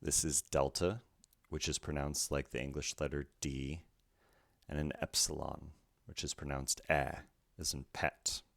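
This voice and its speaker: A man's voice: very deep voice, level tone, a little slow, creaky, a bit bright, dry recording, studio quality. A man teaching Greek pronunciation, going carefully through each word letter by letter in a methodical way. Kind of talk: slow letter-by-letter pronunciation lesson.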